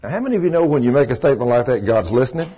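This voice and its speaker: A man, preaching a folksy, animated storytelling sermon and acting out the people in it. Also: mid-range voice, racing. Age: 60s. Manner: folksy, animated, acts out the people in his stories. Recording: dull lo-fi sermon recording.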